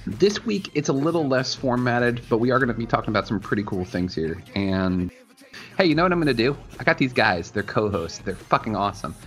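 A male podcast host chatting at a diner with a lively, swinging pitch, always laughing and swearing and leaning on "like" fillers. His voice sits mid-range for a man, with faint music behind. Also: brisk. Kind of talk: casual profane banter.

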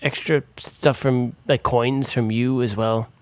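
Tabletop player, man, mid pitch, hesitant questions, dry mic. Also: fairly even intonation, takes it slowly, darkish tone, no room sound. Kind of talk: casual tabletop play.

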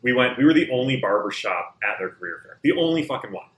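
A man's voice: medium pitch, animated, fast talker, fairly bright tone. A man who works at a barbershop, telling a story in casual chat in a self-deprecating, profane way. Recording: roomy recording.

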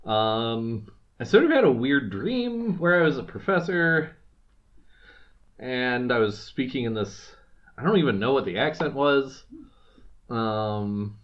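A man's voice: medium pitch, animated, slow pace, long pauses. A man co-hosts a laid-back podcast, rambling through his thoughts with fillers and restarts. The recording sounds a little muffled. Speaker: podcast co-host. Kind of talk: casual chat.

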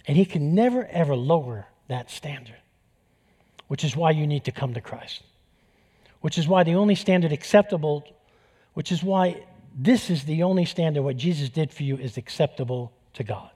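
Male preacher, New York accent, fairly high voice, long hall reverb, animated sermon. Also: normal speed, husky. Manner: animated, rising to emphatic peaks in stories.

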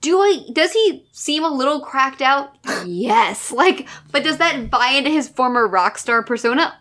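A woman's voice: sits high, expressive, measured pace, fairly bright tone. A woman co-hosting a casual chat podcast, gushing and enthusiastic, swearing casually. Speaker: podcast co-host.

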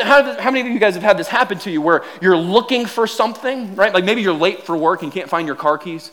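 Man, pastor, humorous sermon, high voice, animated, repeats words. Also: quick pace, few pauses.

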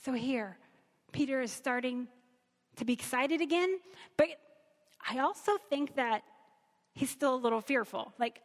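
A woman's voice: high voice, moderate pace, long pauses, in a large hall. A woman teaching from the Bible in an earnest, conversational way, reading scripture aloud.

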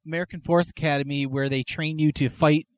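A man co-hosting a podcast, excitable and quick to laugh. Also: on the high side, clean tone, dry recording. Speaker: podcast co-host. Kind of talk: casual chat.

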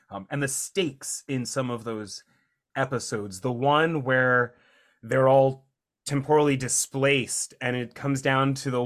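Guy cohosting a chatty podcast, excited, rambles and restarts a lot, mid voice. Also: mid-range voice. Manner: enthusiastic and rambling, many restarts. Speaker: podcast co-host. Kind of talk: casual chat.

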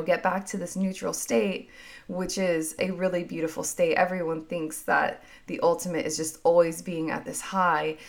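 A woman hosting a podcast, talking through her emotions in a soft, musing, reflective monologue full of casual fillers. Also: lowish voice. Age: adult mother. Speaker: podcast host.

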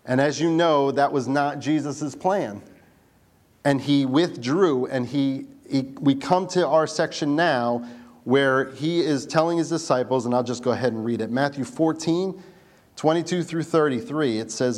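A man's voice: medium pitch, unhurried, a little mellow. Earnest male pastor preaching a sermon. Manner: earnest, emphatic, asks the congregation rhetorical questions.

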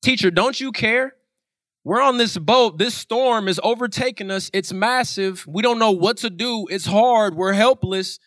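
A man's voice: high-pitched, measured pace, fairly bright tone, no room sound, clean studio sound, pitched above the performer's own voice. A man voicing frightened disciples who keep pleading with their teacher during a storm. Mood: panicked pleading. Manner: pleading, repetitive questions.

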